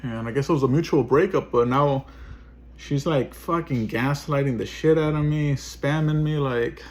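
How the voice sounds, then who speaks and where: A man's voice: mid-range voice, moderate pace. A man venting in a personal vlog as a single dad, swearing often and sounding frustrated. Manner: profane, frustrated ranting.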